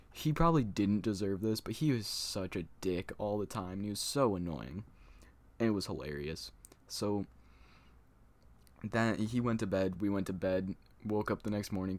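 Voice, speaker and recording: A young man with a slightly low voice tells a story for his vlog. He talks loosely and swears a lot, filling his sentences with "like" and "you know". The tone is casual and unscripted. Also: a little mellow. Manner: loose, swearing, laughing storyteller with many fillers. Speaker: storyteller vlogger.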